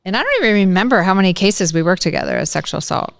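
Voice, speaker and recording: A woman hosting an interview podcast, talking in an effusive, chatty way full of praise and quick restarts. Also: medium pitch, big pitch swings, no echo, clean studio sound. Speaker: podcast host. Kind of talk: conversational interview.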